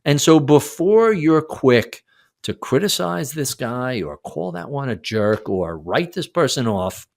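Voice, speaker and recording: A man's voice: mid-range voice, a little slow. Older guy in his 60s telling a story on a podcast, voice swings up and down a lot, cusses here and there. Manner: animated, acts out quoted lines, swears casually. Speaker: podcast guest. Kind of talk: storytelling in a casual interview.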